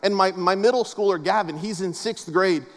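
A man's voice: sits high, normal speed. A man preaching a casual, humorous sermon, telling family stories with a preacher's cadence. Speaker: pastor. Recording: long reverb of a large hall.

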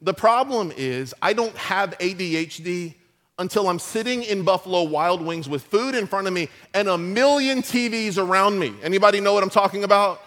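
A middle-aged man preaches a sermon as a pastor. He tells humorous stories and throws lively asides to the congregation. His voice sits high for a man. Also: normal speed.

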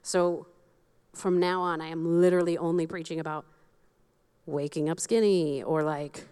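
A woman's voice: low voice, fairly even intonation, normal speed, darkish tone, clean tone. A woman pastor preaching a sermon, candid and self-deprecating, often laughing at herself.

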